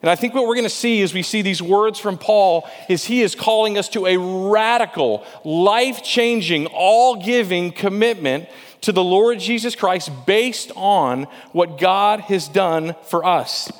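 A man's voice: high-pitched, unhurried, in a large hall. A man preaching a sermon in a conversational way, asking rhetorical questions and often repeating words as he goes. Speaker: pastor.

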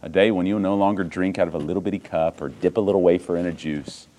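A man preaching a sermon, swinging from hushed, slow passages to loud, emphatic ones and asking the congregation rhetorical questions. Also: deep voice, steady tone. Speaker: pastor.

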